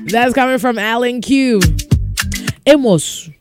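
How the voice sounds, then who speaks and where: A man's voice: very high-pitched, slow, music in the background. A man hosting a casual show, reading out listener messages in a playful, teasing way and laughing often.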